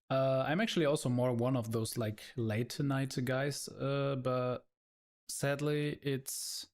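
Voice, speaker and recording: A man's voice: mid-range voice, darkish tone. A man hosting a live stream, reacting to a video in a casual, chummy way and calling his viewers guys.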